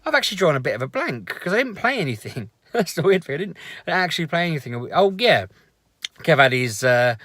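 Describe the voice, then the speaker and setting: A man, chatting casually to camera in a rambling, animated vlog. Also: lowish voice, no echo. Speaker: vlogger.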